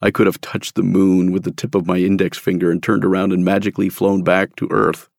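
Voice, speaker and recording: A man with a very deep, gravelly voice reads his own life story aloud, candid and wry, leaning on key words for emphasis. The sound is dry and close, with no room around it. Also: level tone, fairly quick, darkish tone, no echo. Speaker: memoir narrator. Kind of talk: scripted first-person storytelling.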